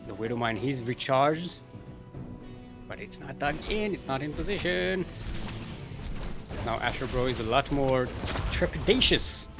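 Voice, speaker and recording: A male esports caster doing live play-by-play in a loose, rambling style, full of fillers and restarts. His voice sits at a middle pitch, with faint music under it. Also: animated, unhurried, pauses often. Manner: rambling, chatty, with frequent fillers. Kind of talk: live game commentary.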